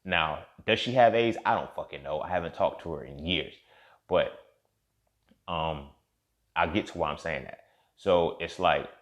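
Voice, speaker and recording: A man's voice: sits low, vocal fry. A young man, candidly telling a personal story in a casual monologue and acting out the dialogue. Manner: candid and profane, reenacting dialogue, heated in spots.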